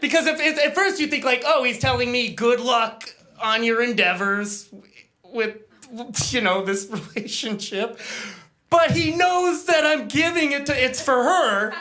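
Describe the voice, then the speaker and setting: Bright, stammering stand-up comedian man. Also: extremely high pitch, lively intonation, a little slow. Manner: self-deprecating, hesitant storytelling with stammers and acted-out quotes. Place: live comedy stage before an audience.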